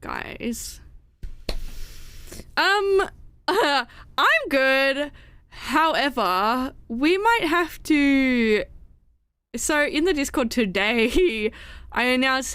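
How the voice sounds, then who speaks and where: A woman live streamer chatting casually with viewers, excitable and giggly, with the hiccups. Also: high voice, very slow, pauses often, no room sound. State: has the hiccups.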